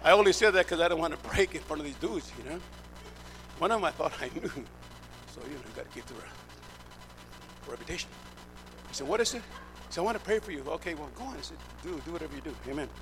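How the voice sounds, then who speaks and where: High-pitched middle-aged male preacher, emphatic testimony, steady hum behind him. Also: fast, long pauses. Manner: emphatic storyteller, acts out dialogue. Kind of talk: sermon testimony. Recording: clear background hum.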